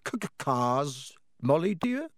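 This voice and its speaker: A man's voice: fairly high pitch, expressive, unhurried, a little hiss or hum. A man voicing a tired, mild middle-aged wizard father who mumbles wearily and stammers when caught out. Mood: flustered. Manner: weary, mumbling, then flustered and stammering.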